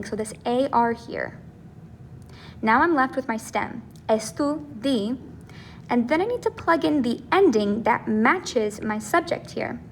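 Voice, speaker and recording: A woman's voice: a little high, a little hiss or hum. A woman teacher explaining grammar step by step, checking in often with "okay?" and "right?". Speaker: Spanish teacher. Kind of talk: recorded grammar lesson.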